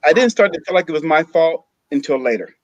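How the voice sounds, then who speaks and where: A man earnestly telling a personal story, in a halting way with pauses and fillers. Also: a little high, expressive, no echo, dull audio. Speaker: guest sharing a personal story.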